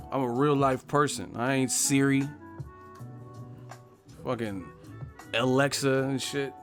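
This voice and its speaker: A man's voice: medium pitch, a bit bright. A man hosting a boxing live stream, ranting casually and profanely, joking and mocking stiff interviewers with put-on voices. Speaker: boxing channel host.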